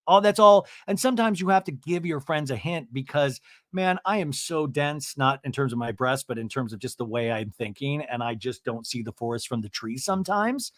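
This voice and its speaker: A man's voice: mid-range voice, animated, moderate pace, fairly bright tone, no echo, studio quality. A man hosting a podcast, giving a rambling, self-mocking comedic recap of a TV episode. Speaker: podcast host.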